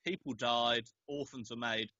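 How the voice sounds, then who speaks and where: A man co-hosting a podcast in casual chat, making dry, deadpan jokes. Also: mid-range voice, measured pace, dry recording. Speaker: podcast co-host. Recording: dry, dull lo-fi sound.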